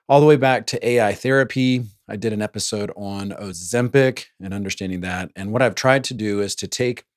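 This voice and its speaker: A man's voice: medium pitch, no room sound. A man hosting a solo podcast, speaking into a close mic in a playful way with jokey asides. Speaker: podcast host.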